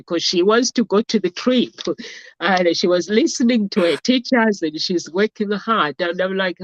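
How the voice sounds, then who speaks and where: A woman's voice: lowish voice, no room sound. Rambling woman on a dull, dry line. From Africa. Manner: rambling, storytelling, frequent "basically" and "uh". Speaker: talk show host. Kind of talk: casual chat.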